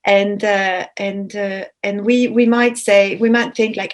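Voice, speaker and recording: A woman speaking softly as a guest speaker in a webinar, repeating her words as she gives gentle advice. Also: medium pitch, fairly even intonation, unhurried, hardly any pauses. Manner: soft, repeats words, warm-hearted phrasing.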